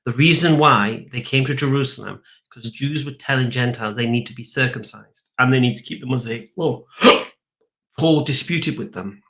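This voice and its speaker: A man's voice: mid-range voice, moderate pace. Argumentative man. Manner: animated, argumentative. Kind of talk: debate argument with comic storytelling.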